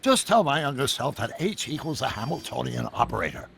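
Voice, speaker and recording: An actor playing an eccentric older male scientist in a video game, animated and full of technical talk. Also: mid-range voice, fairly quick, vocal fry, husky, heavily acted. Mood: fond. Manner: animated, talks in long technical run-ons. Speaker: time-travelling inventor. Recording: video game audio with faint background music.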